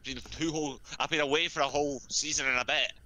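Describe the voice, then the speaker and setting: A man's voice: a little high, fairly even intonation, fast talker, sharp tone, poor audio. A British man with a Scottish accent chatting casually while playing, rambling and easily distracted. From Britain. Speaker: server player, co-streamer. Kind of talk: casual gaming chat.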